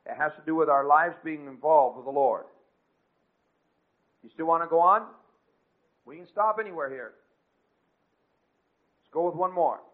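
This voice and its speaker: Man, preacher, sermon, high-pitched, impassioned then hushed, phone-like lo-fi sound. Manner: impassioned, rising to emphatic peaks and dropping to quiet asides. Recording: tinny phone-like lo-fi recording.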